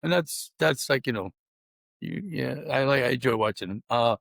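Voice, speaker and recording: A man with a New York accent hosting a podcast, talking haltingly and laughing often. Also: medium pitch, creaky, a bit bright, dry recording, clean studio sound. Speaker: podcast host. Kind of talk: podcast conversation.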